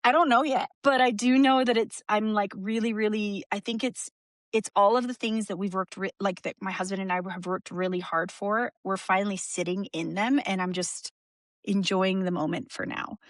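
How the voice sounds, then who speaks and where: A woman speaking as a podcast guest in an open, emotional way, often restarting her sentences and laughing softly. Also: mid-range voice, steady tone, moderate pace, no room sound, studio quality. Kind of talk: candid conversational interview.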